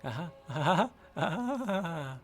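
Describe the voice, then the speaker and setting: An overjoyed potion brewer, giddy and excitable, as a streamer puts him on. The voice rises higher than the man's usual speech. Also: normal speed, soft background music, natural voice.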